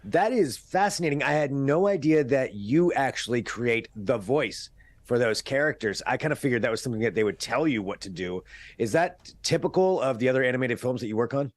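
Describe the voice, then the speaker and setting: A man's voice: mid-range voice, lively intonation, a little fast, dry recording. A man, a local TV reporter, introducing and conducting an interview in a friendly, chatty way.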